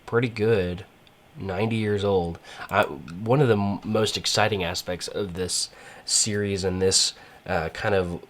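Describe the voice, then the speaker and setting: A man's voice: sits low, fairly bright tone, slight background noise. A man giving rambling, casual gameplay commentary, full of fillers and restarts. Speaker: gaming channel host.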